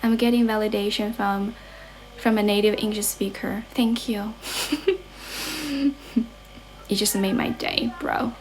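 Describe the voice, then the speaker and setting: A woman's voice: medium pitch, slow, pauses often, slight background noise. A young Chinese woman, an English tutor, chatting casually on a livestream and reading out viewers' comments. She mixes English with Mandarin and often stops to correct herself.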